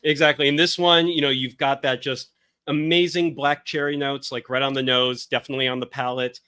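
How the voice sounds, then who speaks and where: A man's voice: medium pitch, flat delivery, brisk, pushed and bright, smooth, dry recording. A man hosting a podcast, chatting casually and eagerly piling up tasting notes. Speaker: podcast host. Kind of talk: casual wine tasting chat.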